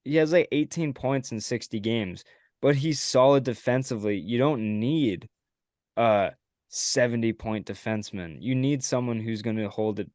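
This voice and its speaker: A man's voice: mid-range voice, normal speed, a little mellow, no room sound, studio quality. A man hosting a casual sports podcast, laughing often and agreeing easily. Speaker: podcast host.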